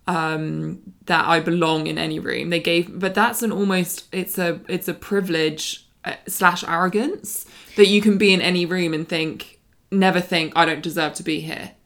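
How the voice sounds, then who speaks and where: A woman's voice: on the low side, steady tone, normal speed, gravelly, few pauses, fairly bright tone. Frank young woman podcast host. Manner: frank, emphatic, reflective. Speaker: podcast host interviewing her mother. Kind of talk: casual conversation.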